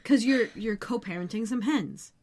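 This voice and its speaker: A woman's voice: on the high side, expressive, moderate pace, a little mellow. A young woman co-hosting a podcast, recapping scenes in a casual chat with wry, joking asides. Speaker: podcast co-host.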